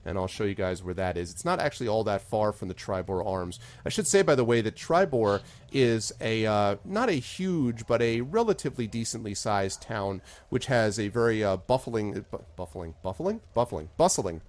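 A man with a somewhat low voice narrates a fantasy tabletop session as game master. He talks loosely and casually, filling gaps with ums and uhs. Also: normal speed, hardly any pauses. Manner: relaxed, rambling, many fillers.

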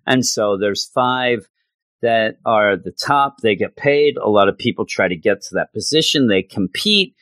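A man's voice: on the low side, expressive, unhurried, a bit bright, no echo. A man hosting a podcast, recapping a comic in a sarcastic, exasperated way with stammering restarts. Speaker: podcast host. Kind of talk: casual comic book recap.

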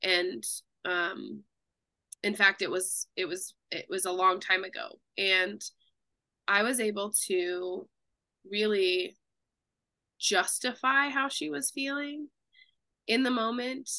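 A woman's voice: medium pitch, fairly even intonation, takes it slowly, long pauses, bright, forceful tone, no echo. A woman, a nurse co-hosting a podcast, thinking aloud as she recalls caring for a patient. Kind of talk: casual podcast chat.

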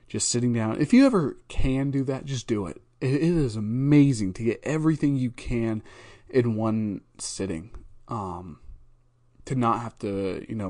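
A man's voice: lowish voice, darkish tone. Man hosting a reflective podcast. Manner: unscripted and thoughtful, with frequent fillers and restarts. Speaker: podcast host. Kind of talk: casual reflective podcast talk on a Bible verse.

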